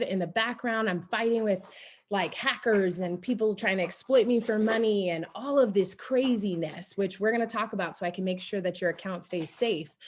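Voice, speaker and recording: Young woman, animated motivational storyteller on a team call, middle pitch. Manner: energetic, animated storytelling with acted-out quotes. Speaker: guest speaker on a team coaching call.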